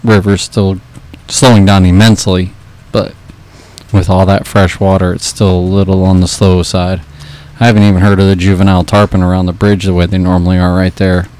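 A man giving a matter-of-fact fishing report on a talk show, steady and plainspoken. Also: sits low, fairly quick.

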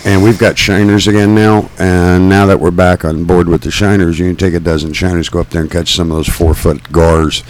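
Middle-aged male fishing host, deep low register, jokey folksy delivery, relaxed talk-show chat. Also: fairly quick, few pauses. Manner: folksy, joking, peppers speech with "don't you know, eh". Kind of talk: casual talk-show banter.

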